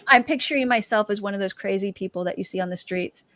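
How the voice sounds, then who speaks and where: A woman, a dancer and author, telling her personal testimony as a guest and lively acting out the quoted dialogue. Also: mid-range voice, brisk, no room sound.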